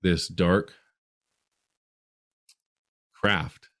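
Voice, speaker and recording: A man's voice: low voice, steady tone, drawn-out words, fairly bright tone. A man from Utah, a podcast guest, telling a long story in a rambling way with many restarts.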